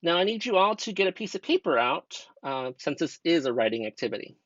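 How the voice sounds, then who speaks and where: A young man teaches a grammar lesson step by step, his pitch bouncing up and down as he asks questions to keep the class with him. The voice-over is dry and a little dull, like a cheap home recording. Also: sing-song, a little fast, fairly bright tone, dry recording. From United States. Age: young adult. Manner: patient, step-by-step teacher talk with rhetorical questions. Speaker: student teacher.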